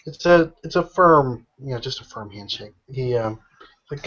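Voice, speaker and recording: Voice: medium pitch, expressive, normal speed, a bit bright. A player describing his character's actions in a tabletop role-playing game, hesitant and full of fillers. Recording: muffled online voice chat.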